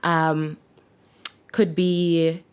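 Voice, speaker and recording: A woman in her thirties with a Jamaican accent speaks in a low, flat, very slow voice with a clean tone. She's a clothing designer appearing as a guest in a casual interview, chatting and laughing often.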